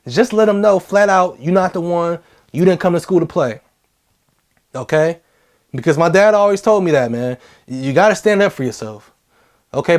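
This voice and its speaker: A man's voice: a little high, a little mellow. A young adult man giving blunt, slangy advice in a casual vlog, repeating key phrases for emphasis.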